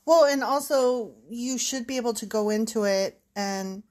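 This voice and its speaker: A woman co-hosting a podcast, chatting casually and reading passages aloud. She sounds agreeable and wry, with a fairly high voice. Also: moderate pace, a little mellow. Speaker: podcast co-host.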